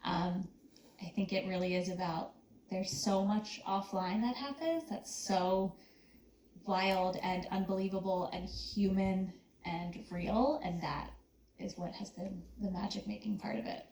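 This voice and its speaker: A woman's voice: mid-range voice, unhurried, a little mellow, a little hiss or hum. Woman producer, casual; distant mic, hall echo. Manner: casual, storytelling. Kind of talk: panel discussion answer.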